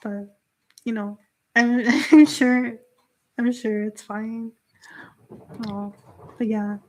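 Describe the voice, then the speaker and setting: A woman's voice: a little high, level tone, drawn-out words, a little mellow. A young woman from Canada, a Shinto priestess hosting a live stream, chatting casually with frequent laughter and many fillers as she reads out viewer comments.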